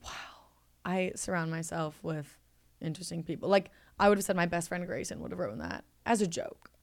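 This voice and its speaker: A young woman guest on a podcast, trading quick teasing banter in casual chat. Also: lowish voice, creaky, no room sound.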